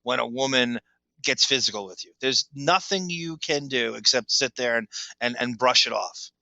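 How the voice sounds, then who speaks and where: A man's voice: mid-range voice, expressive, moderate pace, gravelly, bright, forceful tone, no echo, lo-fi sound. A man co-hosting a podcast, talking in long, emphatic run-on sentences. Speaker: podcast co-host. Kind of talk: casual chat.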